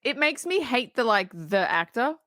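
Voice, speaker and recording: A woman's voice: a little high, very animated, normal speed, pushed and bright, no echo. A woman co-hosting a casual film review podcast, blunt and full of fillers and restarts. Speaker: podcast co-host.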